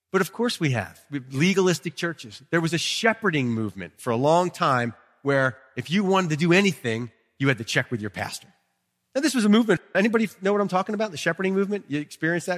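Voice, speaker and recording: A male pastor preaching a sermon in a church, chatting with the congregation, swinging from quiet asides to emphatic peaks. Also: a little high. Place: church sanctuary. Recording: long reverb of a hall.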